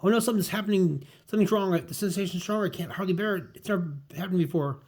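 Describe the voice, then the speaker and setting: A man reading the lines of a young male superhero from a comic, talking in a brisk, excited inner monologue. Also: high voice, husky, pitched above the performer's own voice. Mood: alarmed.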